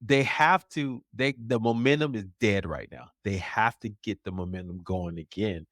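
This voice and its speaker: A man co-hosting a casual pop culture podcast, animated and laughing often. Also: on the low side, normal speed, no echo, clean studio sound. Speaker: podcast co-host.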